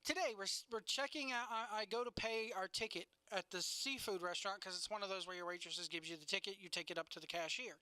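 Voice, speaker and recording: A woman's voice: mid-range voice, fast talker, few pauses, sharp tone, smooth, no room sound. A woman co-hosting a casual chat show, telling stories animatedly and swearing freely. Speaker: podcast co-host.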